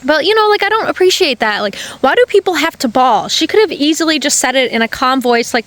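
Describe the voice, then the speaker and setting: A woman's voice: sits high, lively intonation, a little fast, fairly bright tone, a little hiss or hum, low-quality recording. Chatty woman vlogging from her car. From Newfoundland. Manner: chatty, lots of fillers, self-correcting. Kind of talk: casual storytelling rant. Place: parked car by a dirt logging road, outdoors.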